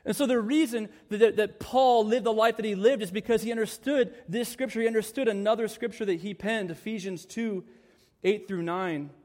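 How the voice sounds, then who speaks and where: A man preaching a sermon with a slightly high voice, earnest and heartfelt. He dips into hushed, slow phrases for emphasis. The sound carries a long reverb from a large hall. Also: fairly even intonation. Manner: earnest, dropping to soft hushed tones for emphasis. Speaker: pastor.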